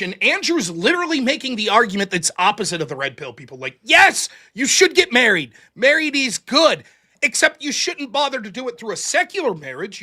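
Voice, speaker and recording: Male talk host, high bright voice, profane ranting style. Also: husky. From United States. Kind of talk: casual call-in show chat.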